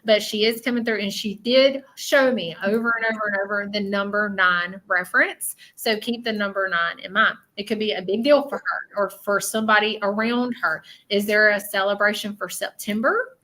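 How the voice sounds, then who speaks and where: A woman's voice: medium pitch, fairly even intonation, normal speed, bright, forceful tone, rough recording. A woman with a Southern US accent giving a live psychic reading, reassuring and repetitive, often checking in with "okay?". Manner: reassuring, repeats herself, keeps asking okay. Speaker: spiritual medium.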